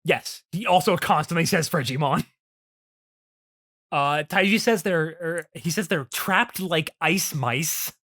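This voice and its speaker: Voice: medium pitch, slow, fairly bright tone. A young adult co-host talking casually and rambling about an anime episode, with many fillers and restarts. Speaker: podcast co-host.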